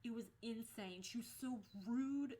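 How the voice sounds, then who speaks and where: A woman's voice: fairly high pitch, a little slow, mellow. A young woman vlogging, casually telling a story about her school days, swearing freely and laughing as she goes.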